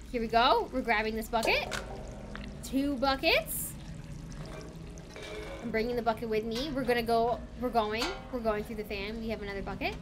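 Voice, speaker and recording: A high-pitched woman streaming a game, chattering to her viewers in quick bursts of excitement and frequent gasps. Her commentary is live and unscripted, with clear game music playing behind her voice. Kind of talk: live let's play commentary.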